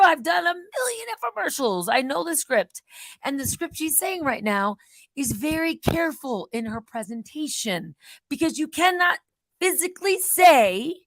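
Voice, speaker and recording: A middle-aged woman hosting her own vlog, talking in a mocking, sarcastic, animated way. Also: high-pitched, measured pace, no room sound, rough recording. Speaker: channel host.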